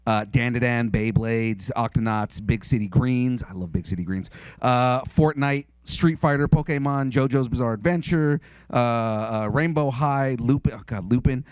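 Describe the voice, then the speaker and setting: A man's voice: medium pitch, normal speed, smooth, dry recording. Male podcast host, hesitant and rambling, dry close mic. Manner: rambling, hesitant, many fillers. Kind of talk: casual interview chat. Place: convention interview.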